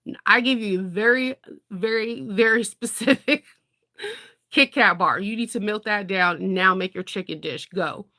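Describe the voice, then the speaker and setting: A woman's voice: medium pitch, unhurried, bright, forceful tone. A woman in casual chat, rambling through stories with frequent laughter. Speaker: content creator.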